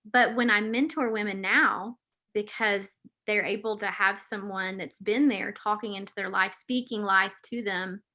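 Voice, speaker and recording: Bright-voiced woman, emotional testimony. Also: medium pitch, steady tone, measured pace. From Southern United States. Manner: earnest, emotional, confessional. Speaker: author and podcast host. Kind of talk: interview guest telling a personal testimony.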